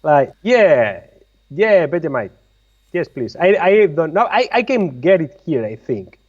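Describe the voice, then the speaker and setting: A man's voice: a little high, sing-song, unhurried, husky. A man co-hosting a casual live-stream chat from his workshop, patiently explaining technical details over a video call. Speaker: co-host. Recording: slightly muffled audio.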